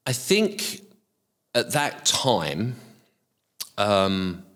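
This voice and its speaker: A middle-aged man with a softened Essex estuary accent and a very low voice, talking over his career in a hesitant way full of ums and restarts. The voice rings out with a long reverb tail. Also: very animated, extremely slow. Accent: softened Essex estuary English. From Essex, England. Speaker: guest, HR professional. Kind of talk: casual reflective interview talk.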